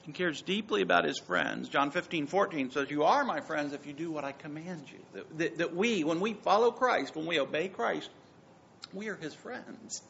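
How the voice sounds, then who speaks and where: A man preaching a sermon in a high, gravelly voice. He pushes hard on some lines and drops to near quiet on others. The recording is a bit dull, with faint room noise behind him. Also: expressive, moderate pace. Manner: emphatic, swings between loud and soft. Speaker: pastor.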